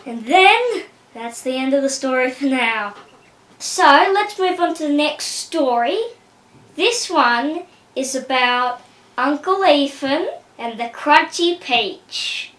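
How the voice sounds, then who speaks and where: A woman telling funny family stories in a chatty, unhurried way. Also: high-pitched, animated, fairly bright tone, reverberant. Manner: chatty, unhurried, acting out quotes. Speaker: family storyteller. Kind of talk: casual storytelling.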